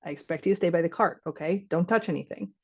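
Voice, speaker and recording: A woman's voice: lowish voice, fast, a little mellow, breathy edge, lo-fi sound. Woman physician giving a casual workshop talk. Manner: conversational, acts out dialogues.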